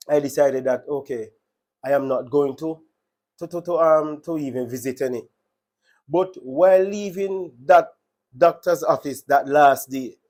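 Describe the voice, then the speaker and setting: Jamaican guy sharing his testimony, kinda high voice for a man, earnest and emotional, repeats himself a lot. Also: darkish tone. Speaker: testimony speaker. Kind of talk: personal faith testimony.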